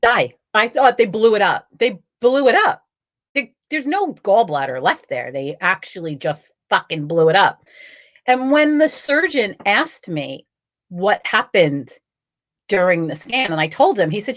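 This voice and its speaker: A woman's voice: fairly high pitch, sing-song, moderate pace, fairly bright tone. A middle-aged woman hosting a live card-reading stream, chatting casually and bluntly, swearing freely and reading viewer comments aloud.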